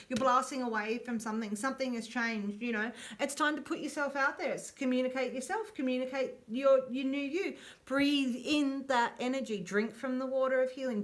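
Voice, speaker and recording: A woman's voice: high voice, a bit bright. Chatty woman giving a tarot reading. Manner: chatty, repeats phrases, self-correcting; playful asides with jokes. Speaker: tarot reader.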